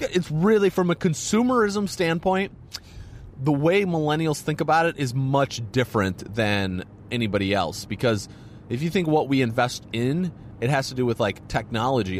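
A man's voice: mid-range voice, a little hiss or hum. A man in his thirties hosting a casual solo podcast, rambling with lots of "like" and restarts. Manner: rambling, filler-heavy, many restarts. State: hiccups. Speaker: podcast host.

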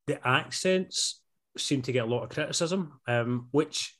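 A man's voice: mid-range voice, unhurried, fairly bright tone. Scottish male co-host, casual film chat, rambling delivery. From Scotland. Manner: rambling, often asks "do you know what I mean?". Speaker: podcast co-host.

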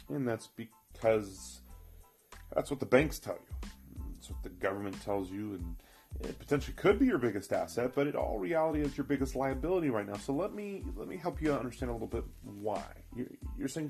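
A man with a gravelly, creaky edge to his voice gives an emphatic finance talk and speaks straight to the listener. He drives each point home by repeating it, and his pitch sits in a middling range. Soft music plays faintly underneath. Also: sing-song, brisk. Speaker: financial educator. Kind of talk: motivational finance talk to viewers.

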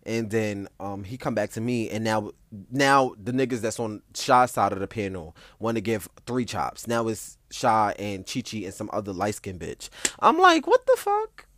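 A man in his twenties telling an animated, profane story about competing at a ballroom event, full of ballroom slang. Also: fairly low pitch, moderate pace, dry recording.

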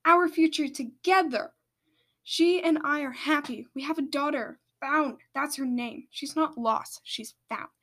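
A defiant male dragon, exiled and scheming, who argues back hard, as a woman reads him aloud. The voice sits high in pitch. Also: a little slow, a bit bright. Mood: pleading.

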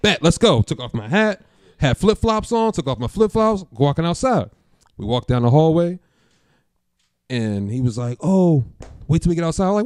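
A man in a casual chat, telling an animated story full of slang and acting out what people said, with a laid-back street way of talking. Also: fairly high pitch, normal speed, no echo, studio quality.

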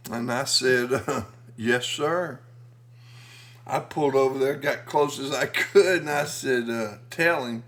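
A man's voice: medium pitch, unhurried, a bit bright. A middle-aged man telling a family story as a podcast co-host in casual chat, folksy and crude, teasing the others.

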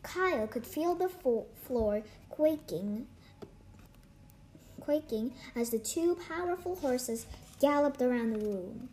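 Slow-reading woman teacher. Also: high voice, lively intonation, mellow, a little hiss or hum. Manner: slow, careful reading with small restarts. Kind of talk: reading a children's novel aloud.

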